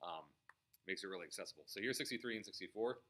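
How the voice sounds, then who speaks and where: A man's voice: low voice, quick pace, pushed and bright. A man teaching a trumpet lesson, explaining measures and singing the rhythms aloud between bits of playing. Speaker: music teacher. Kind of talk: instrument practice lesson.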